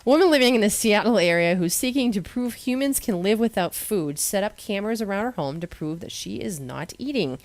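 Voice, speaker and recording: A woman's voice: medium pitch, expressive, brisk, hardly any pauses, dry recording. A woman with a Boston accent, co-hosting a casual talk show, reading odd news stories with sarcastic asides. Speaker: radio show co-host.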